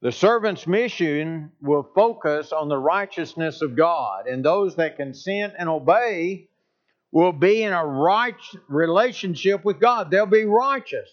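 A man delivering a sermon at a very slow, measured pace. His voice sits a bit high for a man, and he leans into emphatic, repeated phrases. The recording is dull and lo-fi. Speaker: pastor.

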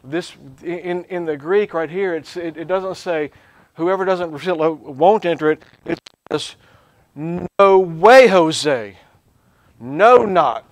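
A man who is a professor, teaching a Bible lesson in a lively way, swinging from quiet asides to loud, emphatic bursts. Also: a little high, unhurried, no room sound.

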